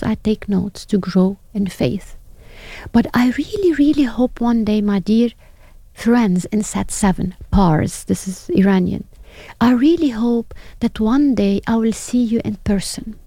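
A woman's voice: a little high, expressive, unhurried, mellow, no echo. A woman guest telling earnest stories in an interview, often acting out other people's words in livelier voices. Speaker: guest, ministry broadcaster. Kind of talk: interview storytelling.

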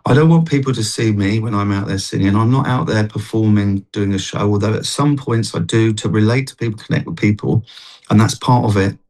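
A man, a street evangelist, telling a faith testimony in an animated, restarting way during an interview. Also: fairly low pitch, fairly quick. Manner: animated storytelling, many restarts. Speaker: street evangelist and worship singer. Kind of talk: testimony in a Christian talk show interview.

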